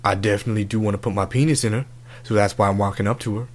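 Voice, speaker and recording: A man's voice: fairly low pitch, fairly even intonation, very fast. A man playing a brash, crude love-advice doctor in a comedic podcast bit, talking in swaggering, profane slang.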